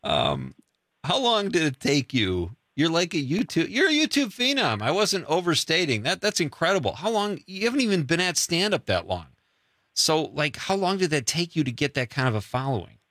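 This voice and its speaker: A man's voice: fairly high pitch, very animated, normal speed, a bit bright, no echo, clean studio sound. A man hosting an interview show, chatty and joking, laughing often. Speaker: show host. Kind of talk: casual interview.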